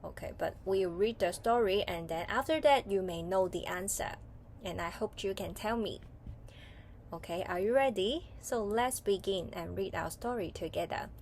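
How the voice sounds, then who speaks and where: A woman's voice: mid-range voice, moderate pace, darkish tone, slight background noise. A woman with a Hong Kong English accent teaching a children's online English reading lesson, patient and asking questions. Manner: patient, asks questions and waits.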